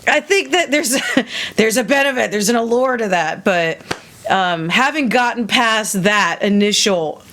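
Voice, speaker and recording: A woman musician giving a casual interview, speaking bluntly with frequent swearing and sudden jumps into high mocking voices. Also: lively intonation, measured pace, fairly bright tone.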